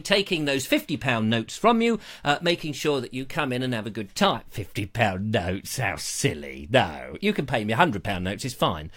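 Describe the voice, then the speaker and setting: A man's voice: on the high side, a bit bright. A man hosting a casual livestream, jokey and rambling, chatting into a lavalier mic. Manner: jokey, rambling, slips into silly voices. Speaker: livestream host.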